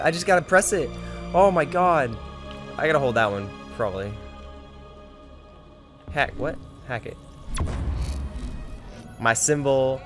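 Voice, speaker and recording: A man streaming a video game, joking, swearing and excited, a little drunk. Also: medium pitch, unhurried, long pauses, soft background music. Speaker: gamer streamer. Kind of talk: casual let's-play commentary.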